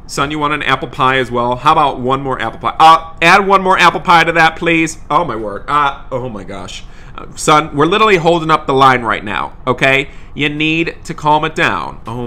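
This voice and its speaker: Bright-voiced man, exasperated gaming commentary. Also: mid-range voice. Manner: exasperated, apologetic, rising to loud scolding. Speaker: gaming channel host. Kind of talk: role-play commentary over a game.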